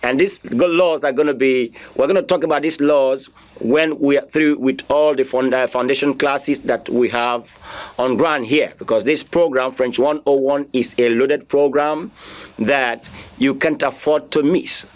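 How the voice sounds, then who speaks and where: A man's voice: mid-range voice, fairly even intonation, a little slow. A man teaching a beginner French class, repeating words and spelling them out letter by letter. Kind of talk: classroom lesson.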